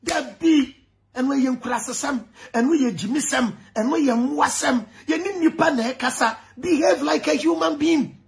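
A man with a Ghanaian accent giving an animated political rant, shouting and laughing as he mixes English with Twi. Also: extremely high pitch, normal speed, vocal fry. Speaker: commentator.

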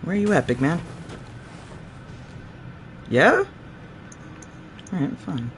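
A man streaming a video game, reacting out loud, swearing at enemies and chatting to animals on screen. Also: a little high, big pitch swings, slow pace, noisy background. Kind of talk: live gameplay commentary.

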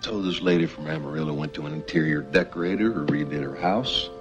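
An actor playing a charming, unpredictable plastic surgeon, smooth, witty and flirtatious. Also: male voice, rumbling low, quick pace. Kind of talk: TV film drama acting. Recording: muffled film audio with music.

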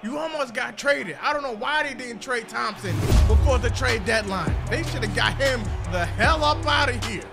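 A man giving hyped gameplay commentary, shouting and trash-talking at the game. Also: very high-pitched, normal speed, gravelly, few pauses. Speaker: gaming video creator. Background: music.

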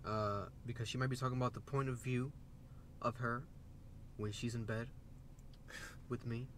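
A man co-hosting a music reaction video, casual and joking with a playful, excitable manner. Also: medium pitch, normal speed, a little hiss or hum. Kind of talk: casual chat.

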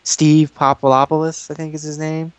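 A man and YouTuber, chatting in an interview and telling long, animated stories full of restarts. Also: a little high, normal speed, clean tone, no room sound. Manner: rambling, animated storytelling with restarts. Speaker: guest YouTuber. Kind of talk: casual interview chat.

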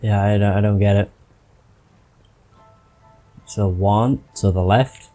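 A man's voice: fairly low pitch, fairly even intonation, takes it slowly, dark tone, soft background music. A man commenting casually on his gameplay, muttering to himself and swearing when frustrated. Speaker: gamer doing a playthrough.

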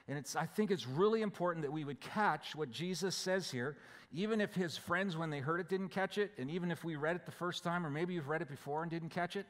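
A man's voice: fairly high pitch, fairly bright tone. A man preaching a sermon as pastor, explaining scripture verse by verse in a conversational way. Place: church sanctuary. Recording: church hall with long reverb.

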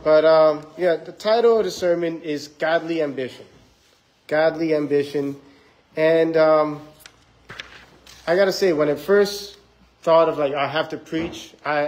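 A man's voice: a little high, a little mellow, poor audio. A young adult man preaching a casual, rambling sermon in a church, reading scripture and acting out the people in his stories. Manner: rambling, conversational, acts out quoted voices.

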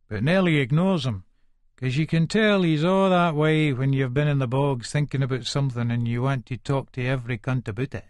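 A man's voice: fairly high pitch, no room sound, studio quality, lightly acted. An actor with an Edinburgh Scots accent narrating as a volatile, foul-mouthed Leith man in middle age, in a full-cast audiobook. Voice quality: coarse, swearing, menacing. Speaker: first-person narrator.

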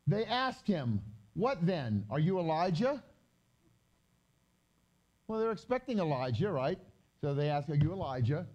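A man leads a conversational Bible teaching, reading verses slowly and then breaking into loose, chatty explanations. His voice sits a little high for a man but sounds mellow and soft-edged, with lively swings in pitch. The sound is dull and lo-fi, like a church livestream. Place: gathering hall during a live-streamed event.

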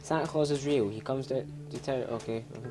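A man's voice: mid-range voice, fairly quick, music in the background. A young Scottish man giving casual, rambling commentary on a video game, self-mocking, laughing often and swearing freely. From Scotland. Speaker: let's play host.

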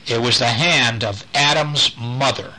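Dad reading bedtime story to his kids, bright clear voice, gentle and lively. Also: mid-range voice, unhurried, poor audio. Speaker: father reading to his children.

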